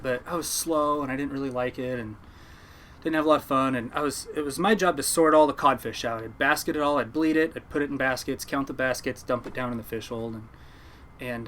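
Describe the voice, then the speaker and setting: A man, a fishing boat captain, telling stories from his life at sea to a podcast host in a lively, laughing way. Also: medium pitch, slight background noise. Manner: animated yarn-spinner, laughing at his own story. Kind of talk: casual storytelling.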